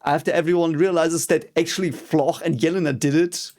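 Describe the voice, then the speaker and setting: Gravelly German man reacting, swearing. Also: on the high side, fairly even intonation, brisk, darkish tone. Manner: frustrated, swears a lot, mock-cheering outbursts. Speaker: reaction video host. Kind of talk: casual reaction commentary.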